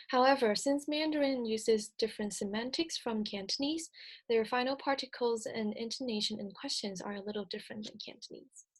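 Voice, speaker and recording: A young adult woman presenting a recorded slide lecture, explaining step by step with frequent ums and self-corrections. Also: fairly high pitch. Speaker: speech-language presenter.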